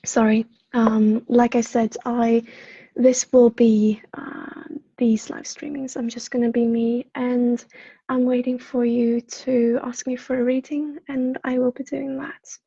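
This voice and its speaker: Soft high-pitched woman with a Swedish accent. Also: level tone, vocal fry, slightly rough, no echo. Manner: apologetic, soft-spoken, halting with fillers. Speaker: psychic counselor. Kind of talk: casual livestream chat. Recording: dull lo-fi livestream audio.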